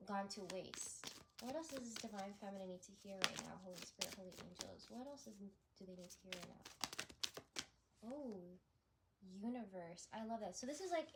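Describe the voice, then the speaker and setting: A woman's voice: mid-range voice, a little mellow, slight background noise. A woman doing a spiritual tarot reading, talking in a rambling, effusive way with frequent restarts. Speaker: tarot reader.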